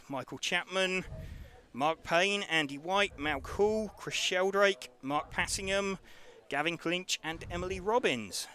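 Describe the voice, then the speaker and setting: Male commentator, bright and forceful, relaxed, lots of ums, live trackside call. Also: a little high. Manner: relaxed, hesitant with many ums and uhs. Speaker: race commentator.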